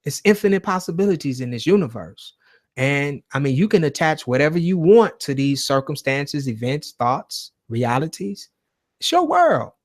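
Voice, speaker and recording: There's a slightly raised pitch to this man's voice as he hosts a loose call-in livestream. Preaching with emphasis and swearing freely, he keeps addressing his viewers and their chat.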